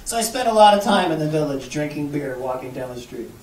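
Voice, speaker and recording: A man from Canada, talking as the guest at a live interview, joking, swearing and acting out quotes in an animated way. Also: fairly high pitch, fast talker. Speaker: guest author. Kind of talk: live interview before an audience. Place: live event in a bar venue. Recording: echoey room, far from the mic, audience noise.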